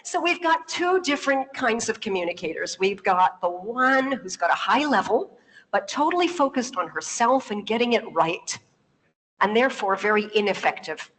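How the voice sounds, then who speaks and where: A woman's voice: on the high side, lively intonation, normal speed, a bit bright. A native English-speaking woman giving a public talk, telling stories, laughing often and putting questions to her audience. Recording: long reverb of a large hall.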